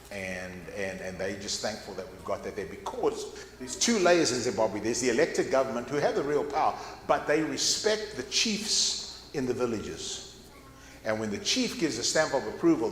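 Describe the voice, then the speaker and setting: A man's voice: medium pitch, reverberant, in a large hall, a little hiss or hum. An older man giving a folksy, rambling Bible class talk, often repeating words as he goes. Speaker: guest speaker at a Bible class. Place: church classroom.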